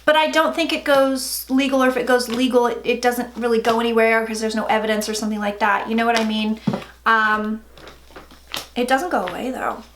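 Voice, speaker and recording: A woman's voice: on the high side, steady tone, fairly quick, a bit bright. A woman in her forties giving a casual tarot reading, chatty and blunt, swearing freely. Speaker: psychic tarot reader. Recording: echoey room with faint noise.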